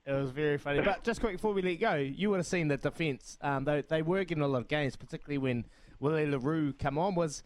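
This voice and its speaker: A man's voice: on the high side, fast, no echo. A man hosting a casual sports chat, joking and laughing easily. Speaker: host.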